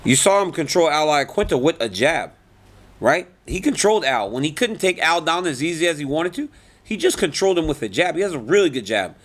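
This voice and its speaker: A man in his forties fields reporters' questions in a casual interview. He tells his stories in an animated way and laughs often. His voice sits somewhat high for a man. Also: a little fast. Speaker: interviewee, MMA fighter and analyst.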